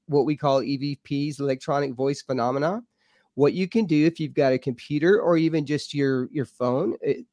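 A man, a paranormal researcher, telling his experiences as a podcast guest in an excitable, rambling way. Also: on the high side, dry recording, clean studio sound. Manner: excitable, rambling, repeats himself. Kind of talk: animated storytelling. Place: home studio.

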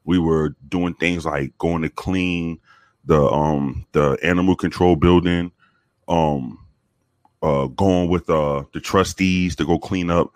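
A man's voice: deep voice, fairly even intonation, slow, no echo, clean studio sound. A man casually recounting his training days in a conversational interview, with loose fillers. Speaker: guest recounting academy training. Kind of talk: casual storytelling.

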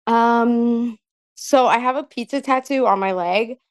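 Interviewed as a guest, this young pro wrestler speaks in a slightly high voice at an unhurried pace, laughing a lot and leaning heavily on "like" as she chats casually. The recording is dry.

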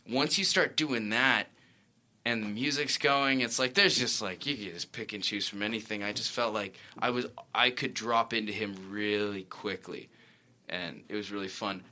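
Bright-voiced man chatting loosely. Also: fairly low pitch. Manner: rambling, self-correcting storyteller. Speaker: actor guest. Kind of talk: casual interview chat.

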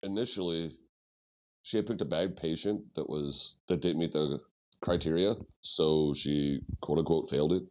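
A man's voice: very deep voice, moderate pace, slight background noise. A man from Missouri, a podcast guest, telling casual stories full of swearing and acted-out quotes. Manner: profane, animated anecdotes with acted-out quotes. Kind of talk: casual storytelling.

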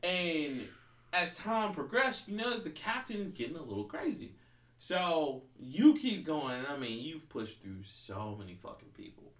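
A man's voice: a little high, very animated, moderate pace. A man hosting a podcast in casual chat, rambling and swearing, leaning on "like" as filler. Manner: rambling, profane, heavy use of "like". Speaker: podcast host. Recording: roomy echo.

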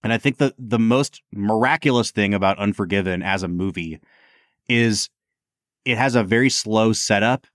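A man's voice: on the low side, moderate pace, fairly bright tone, no room sound, studio quality. A man co-hosting a podcast, chatting casually about films with lots of fillers. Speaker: podcast co-host.

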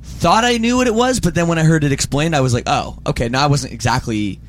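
A man's voice: a little high, quick pace. Easygoing male podcast host, natural chat, a faint hum under his voice. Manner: relaxed, friendly, shoots the breeze. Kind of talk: casual interview chat.

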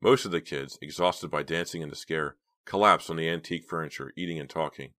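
A man reading a teen horror novel aloud as an audiobook narrator, in a steady, measured way. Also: extremely low pitch, dry recording.

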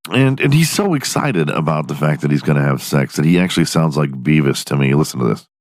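Male podcast host, very low, lively delivery, profane mocking humor, dry close mic. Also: a little fast, dry recording. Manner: profane, laughing often, mocking. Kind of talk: crude comedic commentary.

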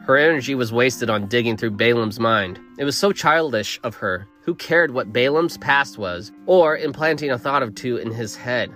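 A man narrating a dark fantasy story in a steady, measured reading. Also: medium pitch, faint music behind.

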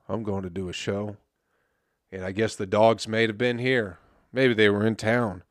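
This podcast host's voice sits fairly low, with no echo on the recording. His talk is a profane comedic rant full of constant swearing, he laughs at his own jokes, and his throat is dry.

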